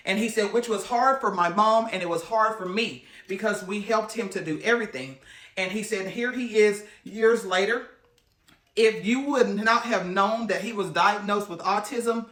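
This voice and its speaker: A woman's voice: mid-range voice, moderate pace, fairly bright tone, roomy sound. A woman telling a heartfelt personal faith testimony to her viewers and ending in prayer. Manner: earnest, heartfelt storytelling with a closing prayer. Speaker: faith-based autism parent coach.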